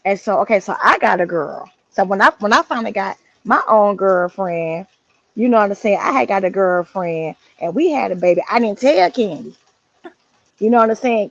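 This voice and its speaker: A woman hosting a livestream, telling a story in a casual, slangy, animated way. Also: medium pitch, vocal fry, dry recording, lo-fi sound. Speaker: livestream host. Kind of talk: casual chat.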